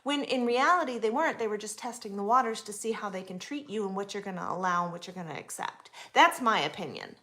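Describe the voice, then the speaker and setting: Woman, 40s, from the US West Coast, chatty livestream host reading and answering viewers, mid-pitched voice. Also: lively intonation, quick pace, few pauses, a bit bright. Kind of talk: casual livestream chat.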